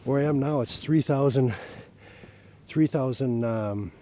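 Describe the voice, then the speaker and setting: A man's voice: medium pitch, mellow, poor audio. Folksy man rambling on a forest trail. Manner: halting, folksy, with many fillers and restarts. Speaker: hunter telling a story on camera. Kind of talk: rambling walk-and-talk vlog. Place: outdoors on a forest trail at dusk. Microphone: handheld camera while walking.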